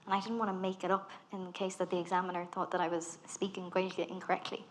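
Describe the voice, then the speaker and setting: Irish woman, about thirty, talk guest; brisk, animated, acts out her quotes. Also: fairly low pitch, slight background noise. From Ireland. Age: 30s. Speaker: guest speaker. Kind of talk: live onstage conversation. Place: festival talk stage.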